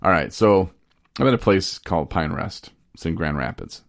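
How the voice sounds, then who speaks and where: Deep gravelly man telling a story. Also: normal speed, no echo, studio quality. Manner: rambling, animated, laughs often. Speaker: podcast host. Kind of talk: casual storytelling.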